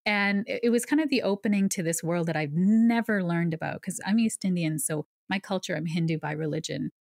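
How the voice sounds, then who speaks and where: Her voice low and her delivery brisk, a psychic medium guesting on a podcast earnestly explains her ideas and tells her story in a conversational way, dotted with lively asides. It's a dry, studio-quality recording.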